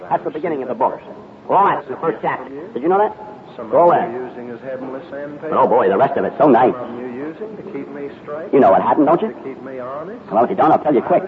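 Dramatic male preacher, higher voice, heard over a thin radio broadcast with a congregation behind. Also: animated, fairly quick. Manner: dramatic, acts out the characters' speech. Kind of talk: sermon storytelling. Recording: tinny phone-like radio broadcast with crowd noise.

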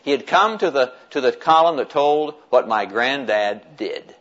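An older American man telling a personal story to an audience, animated and chuckling, acting out what others said. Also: medium pitch, unhurried, highs cut off. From United States. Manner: animated, chuckling storyteller who acts out quoted voices.

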